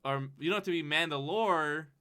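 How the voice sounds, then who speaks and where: Bright-voiced rambling podcast guy. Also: on the high side, fairly quick, clear, resonant tone. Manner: rambling, many fillers, laughs often. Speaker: podcast co-host. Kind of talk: casual chat.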